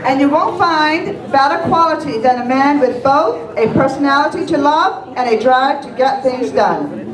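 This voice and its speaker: A woman's voice: high voice, lively intonation, moderate pace. A middle-aged woman giving an earnest, proud speech at a function. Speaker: candidate's mother giving a speech. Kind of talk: prepared speech. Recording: echoey hall from far off, crowd.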